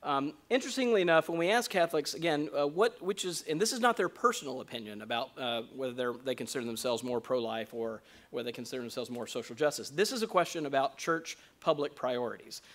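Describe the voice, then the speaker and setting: A man's voice: medium pitch, fast, few pauses, a bit bright. A man presenting survey results at a conference, explaining the figures with many "uh"s and restarts. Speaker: survey researcher presenting findings. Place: conference room.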